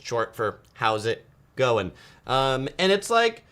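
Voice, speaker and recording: A man's voice: on the high side, very animated, moderate pace, fairly bright tone. A man hosting a casual live stream, reading viewer comments aloud and chatting, often slipping into playful mock voices. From United States.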